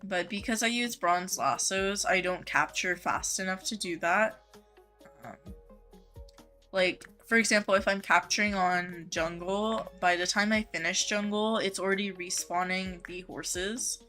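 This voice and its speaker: Soft music plays behind a woman streaming games as she reads out chat messages and banters with her audience. She speaks at a measured pace in a medium pitch with a sharp tone, laughing easily and filling her talk with "like" and "um."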